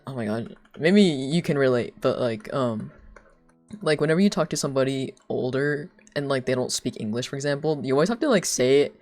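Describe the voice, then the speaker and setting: Giggly low-voiced streamer woman. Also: expressive, fairly quick, darkish tone, soft background music. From United States. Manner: giggly, rambling, heavy filler words. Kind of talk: casual live-stream chat.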